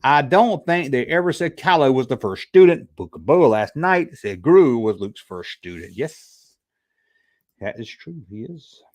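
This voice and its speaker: Animated chatty man on a livestream. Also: medium pitch, a little slow. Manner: chatty, joking, animated retellings. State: sleepy, yawning. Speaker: YouTube host reading live chat. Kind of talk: casual livestream chat.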